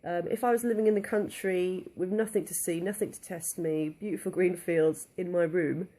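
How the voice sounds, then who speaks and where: Young woman, candid chatty vlogger, mellow tone, slightly breathless and nasal from a cold. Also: mid-range voice. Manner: candid, chatty, many "um" and "like" fillers. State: a bit out of breath, blocked nose from a cold. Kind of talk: casual talk to camera.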